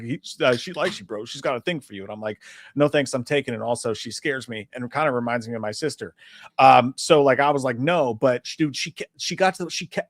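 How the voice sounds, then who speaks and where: A man's voice: mid-range voice, a bit bright, no echo, studio quality. A man co-hosting a live movie show, reading chat messages and telling loose, profane stories with a lot of laughing. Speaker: podcast co-host reading chat. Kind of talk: casual live-stream chat.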